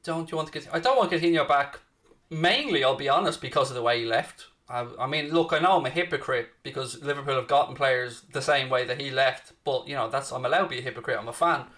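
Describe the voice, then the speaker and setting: A man's voice: mid-range voice, fast, fairly bright tone. A man hosting a football watchalong, calling the play and casually answering viewers' chat messages. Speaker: watchalong host. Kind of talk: casual match commentary and chat.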